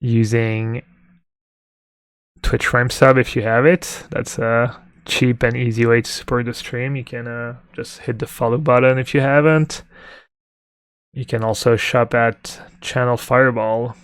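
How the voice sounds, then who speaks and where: A male game streamer talks through his plays in a relaxed, unhurried way, answering chat and musing aloud with little fillers. His voice sits at an ordinary middle pitch. It is recorded close and dry on a desk mic. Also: smooth, dry recording. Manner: chatty, reads chat aloud, thinks aloud with fillers. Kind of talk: live-stream commentary while playing.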